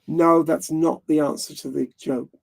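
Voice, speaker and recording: A man's voice: on the high side, fairly even intonation, moderate pace, creaky. A man hosting a live stream, talking casually and rambling frankly, swearing now and then.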